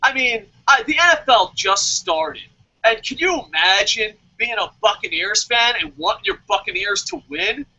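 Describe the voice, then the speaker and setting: A high, piercing wrestling superfan, as a man puts him on rants in mock outrage, swearing and sneering with every line. The voice is bright and cutting. The audio is dull and lo-fi. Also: lively intonation, moderate pace, exaggerated voice. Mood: ranting. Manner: ranting, sarcastic, heavy swearing. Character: loud sarcastic adult male wrestling superfan. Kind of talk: comedic rant in character.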